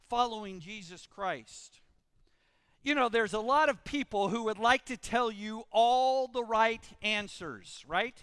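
A man preaching a sermon as pastor, reading scripture and praying in a slow, emphatic way with dramatic pauses. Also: sits high, pushed and bright, no room sound, clean studio sound. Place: church sanctuary.

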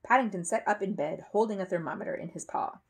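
A woman reading a children's book aloud, with expressive storyteller delivery. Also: medium pitch, fast talker, creaky, breathy edge. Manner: expressive, animated.

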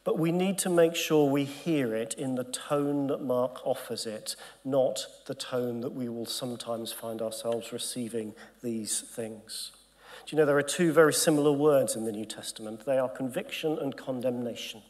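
A man's voice: mid-range voice, moderate pace, a little mellow. A man, a bishop giving an earnest Bible teaching to gathered clergy, sometimes dropping to a near-whisper. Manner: earnest and emphatic, drops to a near-whisper at times, acts out quoted voices. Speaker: bishop leading a Bible study. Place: conference hall.

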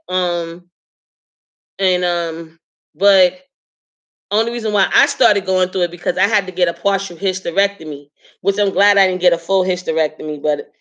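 A woman in her late forties hosting a live stream, chatting casually to her viewers with animated emphasis and frequent laughs. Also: mid-range voice. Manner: animated, emphatic, talks straight to the audience; laughs often while telling stories.

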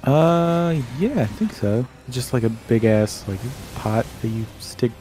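Slow-talking man with an expressive voice. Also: mid-range voice, soft background music. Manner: laughs a lot, dry teasing. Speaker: streamer and co-host. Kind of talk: casual, profane gaming banter.

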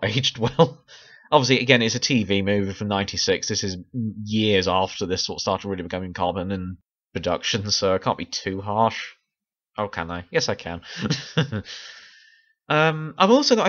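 A man's voice: on the low side, fairly bright tone, lo-fi sound. A man chatting casually about a TV miniseries, laughing often and restarting his sentences. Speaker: video essayist. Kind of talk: casual chat review.

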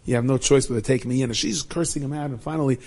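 Dark-voiced man telling a story. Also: mid-range voice, racing. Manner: animated storyteller, Yiddish and Hebrew words. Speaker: rabbi and storyteller. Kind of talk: storytelling talk.

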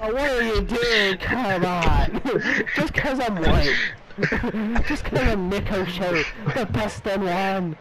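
Shouty boastful young man gaming. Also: high-pitched, expressive, takes it slowly, heavy background noise. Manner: boastful, shouty trash talk. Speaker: gamer. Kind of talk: casual gaming banter.

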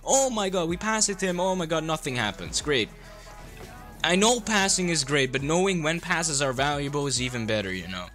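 Young man, blunt sarcastic replay coach, swears a lot, sharp bright voice, faint music behind. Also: a little high, lively intonation, a little fast. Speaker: game coach reviewing a replay.

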